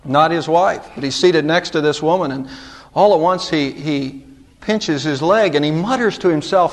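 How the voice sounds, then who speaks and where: A middle-aged male pastor delivering a sermon, with dramatic rises and drops in pitch. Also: normal speed.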